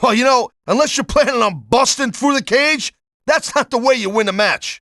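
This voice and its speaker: A man's voice: very high-pitched, normal speed, pushed and bright, no echo, clean studio sound. A middle-aged man doing color commentary for a wrestling video game, blunt and wisecracking with tough-guy slang.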